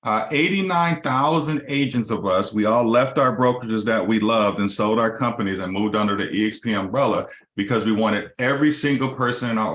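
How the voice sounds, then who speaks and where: A man's voice: medium pitch, a bit bright. A man giving a business presentation to real estate agents, explaining step by step with frequent fillers. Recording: roomy echo.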